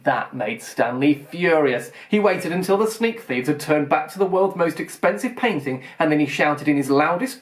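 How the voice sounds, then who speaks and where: Male audiobook reader, children's story, expressive read-aloud. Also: a little high, moderate pace, few pauses.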